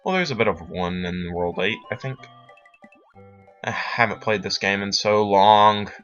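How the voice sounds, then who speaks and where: A man's voice: fairly low pitch, a little slow, a bit bright. A teenage boy in his late teens giving rambling, self-deprecating commentary while he plays a game. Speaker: let's play host. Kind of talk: gameplay commentary. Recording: dull lo-fi sound. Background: faint game music.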